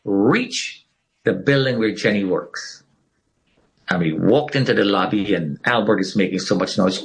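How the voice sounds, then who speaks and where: Sitting low in pitch and moving at a moderate pace, a man recounts a personal story as a guest in an interview. He brings it to life by animatedly performing other people's dialogue.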